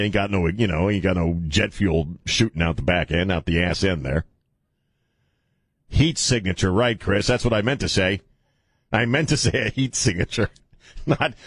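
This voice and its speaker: A man's voice: medium pitch, dry recording. A man hosting a casual talk radio show in a studio, rambling, joking and laughing with crude asides. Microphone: studio mic.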